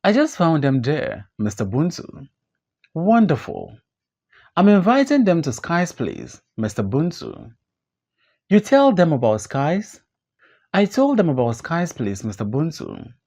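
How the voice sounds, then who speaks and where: A reader voicing an amiably drunk man in a play audiobook, speaking slowly and dropping low on forms of address. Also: huge pitch swings, mellow, full character voice. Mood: cheerful. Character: amiably drunk man, proud of his new name.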